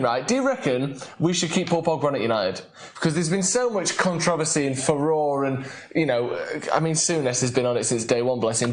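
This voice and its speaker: A man hosting a casual late-night live stream, chatting and reading out viewer comments. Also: medium pitch. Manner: chatty, reads viewer comments, gets loudly excited over a match.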